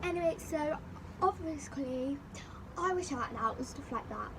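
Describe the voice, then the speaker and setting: A young woman tells a school story straight to camera, with a bright, high voice. She rambles and repeats herself as she goes. A steady wash of background noise sits under the recording. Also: normal speed. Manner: rambling, animated retelling with repeated phrases. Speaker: vlogger. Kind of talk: storytime chat.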